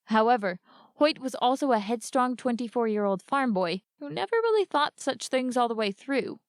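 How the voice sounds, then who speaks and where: A woman's voice: a little high, animated, moderate pace, smooth, no echo. Woman narrating a story, dry and close. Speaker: narrator reading a book. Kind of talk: live reading of an adventure story.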